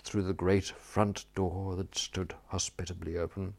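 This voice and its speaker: A man with a lowish voice narrates a story in an understated way. He keeps his narration quiet and steady between the character lines. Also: unhurried, few pauses. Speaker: audiobook narrator. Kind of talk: scripted narration.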